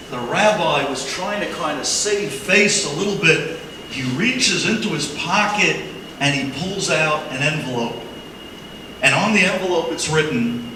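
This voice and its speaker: A man speaking as a rabbi at a community dinner, telling a moving story in an animated, emotional way. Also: on the high side, normal speed. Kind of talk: sermon-like storytelling. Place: large event hall. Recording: echoey hall, from far off, background noise.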